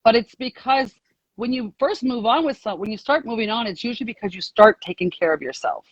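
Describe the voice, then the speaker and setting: A woman's voice: a little high, brisk, no echo. A woman telling her story on a live call in a chatty, rambling way, filled with "like"s and easy laughter. Her sound is dull and lo-fi, with a close, dry feel and no room around it. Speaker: guest sharing a success story.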